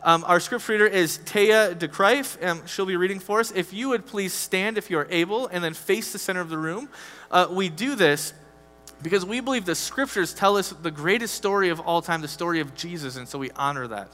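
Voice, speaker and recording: A man's voice: sits high, a little fast, pushed and bright. A man preaching a sermon in a conversational, joking way with asides to the congregation. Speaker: pastor. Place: church hall. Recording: reverberant hall with faint music.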